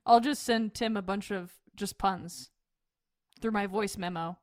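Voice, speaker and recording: A woman's voice: mid-range voice, unhurried, no room sound, studio quality. Playful woman podcast host. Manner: laughs often, playful. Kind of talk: casual chat.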